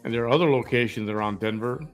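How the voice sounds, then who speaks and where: A man with a medium-pitched voice hosts an opinion commentary at a quick pace, reacting bluntly and confrontationally to clips and firing off rhetorical questions. Faint music plays in the background.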